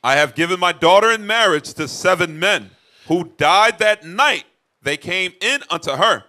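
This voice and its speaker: A man reading old scripture verses aloud at a steady, plain pace. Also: high-pitched, moderate pace. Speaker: scripture reader.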